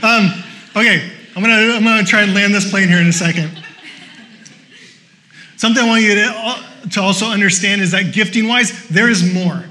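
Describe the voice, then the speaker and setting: High, bright-voiced male pastor preaching. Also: normal speed, slight background noise. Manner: lively and conversational, with joking asides; exhorting, repeating short phrases. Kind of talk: sermon.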